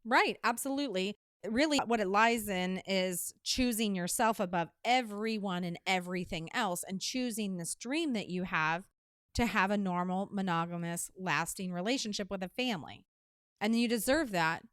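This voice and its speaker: A woman from Missouri hosts a dating advice podcast, her voice smooth and clear in a dry, close-miked sound. She gives candid, emphatic advice in a casual chat and sometimes teases her co-host. Her pitch sits in an ordinary middle range. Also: normal speed, fairly bright tone, no room sound.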